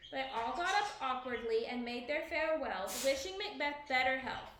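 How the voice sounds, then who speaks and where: Bright high-voiced woman teacher reading aloud. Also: moderate pace, roomy sound. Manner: expressive storyteller, asks questions. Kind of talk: reading a story aloud to a class.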